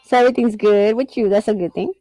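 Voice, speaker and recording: A woman's voice: medium pitch, fast, warm tone, no echo, low-quality recording. A middle-aged woman chatting casually and rambling, often laughing as she tells stories about her son. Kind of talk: casual chat.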